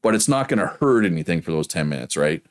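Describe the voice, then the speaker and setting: In a low-pitched, sing-song voice, a fast-talking man rambles casually while he streams a game and goes through his chat. He comes from Prince Edward Island, Canada, and has the local accent.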